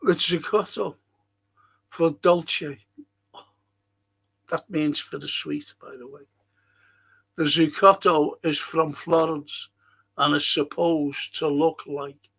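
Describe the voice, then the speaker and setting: Older Scouse man hosting a fan podcast live. Rambling, swears a lot, voice sits slightly high. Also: creaky. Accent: Liverpool (Scouse). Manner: rambling, swears freely, reads out chat comments. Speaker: podcast host. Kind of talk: casual live-stream chat.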